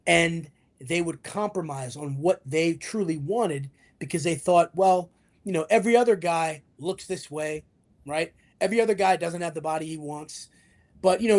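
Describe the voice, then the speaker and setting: Man, fitness coach, motivational interview talk, high voice, acts out quoted voices. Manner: animated storyteller acting out quoted voices. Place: video call interview.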